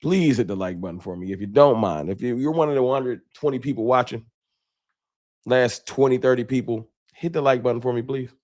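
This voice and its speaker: A man with a slight lisp hosting a casual sports talk live stream, talking straight to his chat in slangy, animated bursts. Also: medium pitch, brisk.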